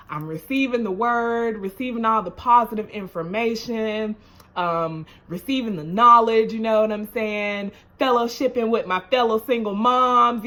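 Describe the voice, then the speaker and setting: A woman's voice: fairly high pitch, fairly bright tone. A woman vlogger telling a story to camera in a casual, chatty way. She speaks earnestly and emotionally, repeats herself, keeps asking "you know what I'm saying?", and builds to rousing encouragement.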